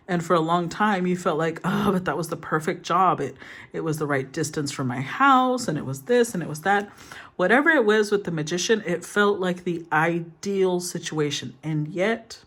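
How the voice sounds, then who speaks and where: A woman's voice: fairly low pitch, fairly bright tone. Soothing woman reading tarot aloud. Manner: soothing, thinks aloud and rephrases. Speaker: tarot reader.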